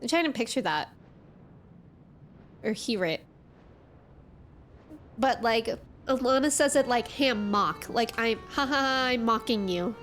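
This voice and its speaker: Young woman, streamer, casual chatty talk, fairly high pitch, faint music. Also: a bit bright. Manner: chatty, reads chat aloud and reacts. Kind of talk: casual gaming stream chat.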